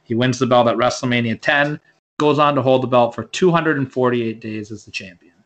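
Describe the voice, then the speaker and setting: A man's voice: mid-range voice, a little fast, fairly bright tone. A man co-hosting a casual podcast about wrestling, rambling and restarting his sentences as he makes his case. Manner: rambling, repeats words when restarting. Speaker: podcast co-host.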